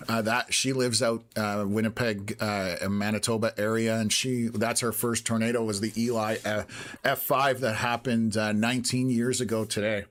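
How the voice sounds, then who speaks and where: A man's voice: fairly low pitch, little pitch movement, normal speed, fairly bright tone. A man in his fifties from Canada, hosting live storm-tracking commentary in a rambling way, full of filler sounds and jumping between topics. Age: 50s. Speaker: weather stream host.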